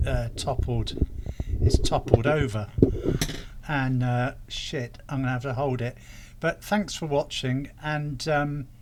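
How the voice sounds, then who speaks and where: A man, hesitant and halting, giving casual commentary on a clip and telling a joke. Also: medium pitch, very noisy. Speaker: reaction video host.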